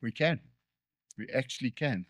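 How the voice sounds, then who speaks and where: A man's voice: mid-range voice, normal speed, fairly bright tone, dry recording. Dry, close-sounding male preacher. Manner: conversational, with joking self-deprecating asides. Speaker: pastor. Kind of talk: sermon.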